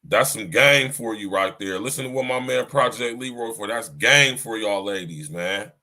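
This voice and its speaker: A man's voice: medium pitch, a bit bright. A man hosting a livestreamed podcast, lecturing his listeners in a preachy, repetitive way and talking straight to them. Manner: preachy, repeats himself, addresses listeners directly. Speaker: podcast host. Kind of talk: livestream commentary.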